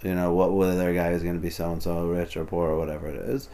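Guy teaching a text study, lowish voice, stops and restarts a lot, says you know constantly. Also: little pitch movement, fast talker, warm tone. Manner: thinks aloud, restarts, many "you know"s. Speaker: Torah teacher. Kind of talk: informal text study, translating and explaining.

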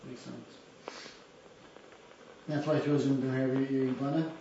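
A man in a study group, reasoning quickly through points and agreeing with the leader. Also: mid-range voice, little pitch movement. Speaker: study partner. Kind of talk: text study discussion. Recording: distant, very echoey, muffled, noisy.

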